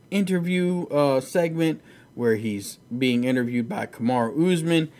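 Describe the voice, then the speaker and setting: A man's voice: medium pitch, a little mellow. A man hosting a casual, profane chat about fights, rambling and laughing easily. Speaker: podcast host.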